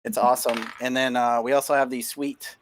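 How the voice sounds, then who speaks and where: A man's voice: mid-range voice, level tone, fairly quick, slight background noise. Upbeat man plugging a product on stream. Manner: upbeat, plugs products with casual filler. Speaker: player and software company representative. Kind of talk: casual livestream chat. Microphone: home mic on a video call.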